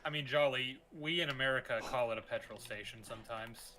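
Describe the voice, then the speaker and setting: A man's voice: medium pitch, brisk, sharp tone, slight background noise. A man from Texas chatting on a gaming stream with a dry, skeptical manner. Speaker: livestream guest. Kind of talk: casual livestream chat.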